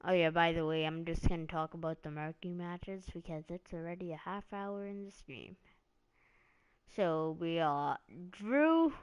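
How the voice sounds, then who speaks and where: A woman hosts a casual wrestling live stream, meandering through storyline recaps with plenty of "like" and "um." Her voice is lowish, clean, and unhurried.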